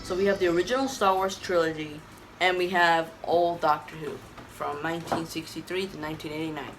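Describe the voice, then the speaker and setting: In a dimly lit indoor room, a YouTube vlogger with a Texan accent and a low, steady voice rambles a little fast through an opinionated casual vlog. She sounds tired and corrects herself often, with soft background music and poor audio.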